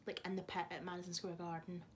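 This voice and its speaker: A woman's voice: fairly low pitch, flat delivery, quick pace, a little hiss or hum. A young woman, chatting casually to camera in a vlog, swearing freely and teasing someone off camera. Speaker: vlogger. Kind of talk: casual chat.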